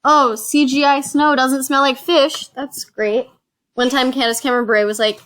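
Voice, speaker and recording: A woman with a slightly high voice hosts a casual board game session. She reads out each card, counts the spaces aloud and drops in chatty asides between rolls. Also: fairly even intonation, normal speed, fairly bright tone. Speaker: host.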